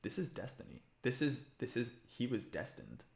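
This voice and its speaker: Guy doing a fussy wizard taxidermist, quiet low murmur, put-on accent, echoey room. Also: sing-song, moderate pace, vocal fry. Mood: solemn. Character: male wizard taxidermist, fussy and matter-of-fact.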